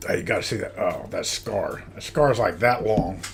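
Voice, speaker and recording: A man's voice: lowish voice, normal speed, vocal fry, noisy background. A man ribbing his friend with wisecracks during a casual livestream. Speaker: guest co-host. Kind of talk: casual banter.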